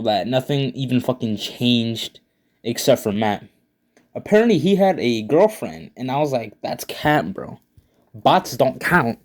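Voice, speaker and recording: A young man, still a student, casually telling a personal story in a laid-back, slangy way, swearing often and filling gaps with "like". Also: mid-range voice. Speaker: storyteller, channel owner.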